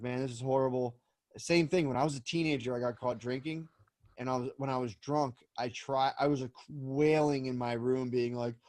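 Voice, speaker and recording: A man's voice: medium pitch, no room sound. Profane rambling man on a podcast. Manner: rambling, profane storytelling with acted-out outbursts. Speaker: podcast co-host. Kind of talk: casual chat.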